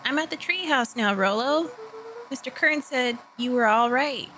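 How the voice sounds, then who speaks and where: A woman's voice: high-pitched, expressive, moderate pace, sharp tone, slight background noise. A woman voicing an earnest young boy hero who calls out urgently and anxiously.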